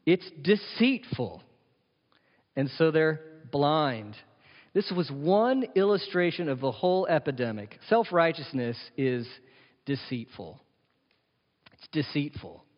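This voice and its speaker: A man's voice: a little high, very animated, a little slow. Man preaching in an echoey hall. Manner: emphatic, rhetorical questions; playful, jokey asides. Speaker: pastor. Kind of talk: sermon. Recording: echoey hall, dull lo-fi sound.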